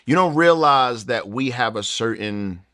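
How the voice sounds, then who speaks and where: An animated man with a New York accent talks emphatically in a casual group chat. His pitch sits in the middle for a man, and he often stops to restart a thought. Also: a little slow, a loud crowd. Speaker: co-host.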